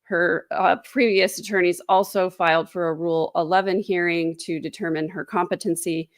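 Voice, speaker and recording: Sarcastic woman host, low dry voice. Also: steady tone, normal speed, dry recording. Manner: chatty and sarcastic. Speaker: true crime livestream host. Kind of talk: casual livestream update. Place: home, indoors. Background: dogs.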